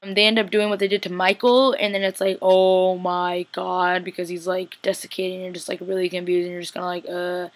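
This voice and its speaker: A woman's voice: mid-range voice, flat delivery, fast, few pauses. A young woman casually recapping a TV episode, chatty and slangy, acting out the characters' lines. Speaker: TV recap vlogger.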